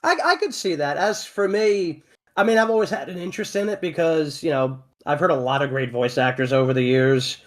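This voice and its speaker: High voiced guy rambling on a stream, lots of ums. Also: expressive, brisk. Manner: chatty, explains at length with many fillers. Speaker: voice actor and stream cast member. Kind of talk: casual livestream chat.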